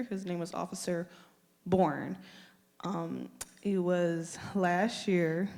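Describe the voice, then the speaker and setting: A young woman tells a personal story at a community listening session. She is lively and acts out her own reactions as she goes. Her voice carries a long reverb from a large school hall. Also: fairly low pitch, creaky. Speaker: community member giving public comment.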